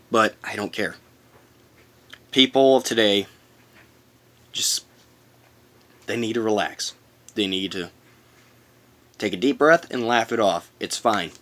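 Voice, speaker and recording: A man's voice: on the low side, measured pace, pauses often, a bit bright. A man rambling through a casual storytime vlog, bluntly retelling a work story and swearing now and then. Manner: rambling, repeats himself, talks in run-on quotes. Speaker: vlogger.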